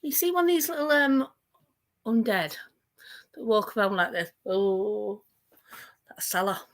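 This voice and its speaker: A woman's voice: medium pitch, unhurried. A woman hosting a reaction commentary video, mocking and taunting the people she talks about. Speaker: commentary channel host.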